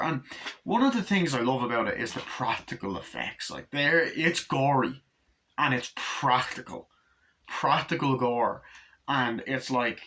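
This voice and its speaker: Man reviewer, bright forceful voice, rambling casual recap that leaps into shrill acted-out character lines. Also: normal speed, pauses often. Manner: rambling, acts out scenes in jumpy high voices, lots of swearing. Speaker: movie reviewer.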